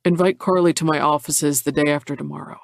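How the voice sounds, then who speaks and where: A woman voicing a calm, caring young businessman in an audiobook, keeping her voice low and reassuring. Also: quick pace, gravelly, no room sound, studio quality.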